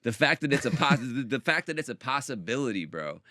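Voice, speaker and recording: Intense, bright-voiced man telling a story. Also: mid-range voice, very animated, brisk, no echo, clean studio sound. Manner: intense, emphatic storyteller who keeps adding "right?". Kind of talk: casual podcast conversation. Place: podcast studio.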